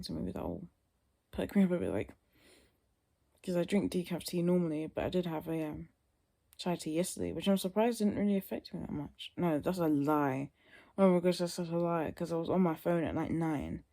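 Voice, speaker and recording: A woman's voice: lowish voice, gravelly, a little mellow. A young woman vlogging casually to camera, sleepy and yawning, rambling and trailing off into tired mutters.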